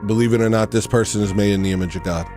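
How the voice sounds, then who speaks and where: Talking very fast with fairly even intonation, a man on a livestream delivers a blunt, rambling rant full of restarts. His voice is on the low side and darkish, with soft music in the background.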